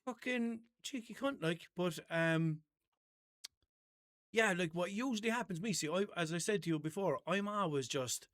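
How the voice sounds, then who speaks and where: A man's voice: sits high, moderate pace, a bit bright, dry recording, studio quality. A man hosting a podcast, telling rambling stories in casual chat and acting out both sides of his arguments. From Ireland. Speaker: podcast host. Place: indoor room.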